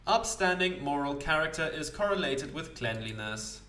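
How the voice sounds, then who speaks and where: A man's voice: a little high, animated, moderate pace, pushed and bright. A man puts on a fussy trash-collecting automaton. It speaks stiffly and literally, fixated on cleanliness. The sound is roomy and distant. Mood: prim.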